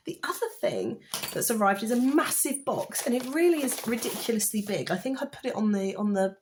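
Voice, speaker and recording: A woman vlogging about knitting, talking in a rambling, chatty way and gushing with excitement, sounding tired. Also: medium pitch, background noise. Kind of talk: casual chatty vlog.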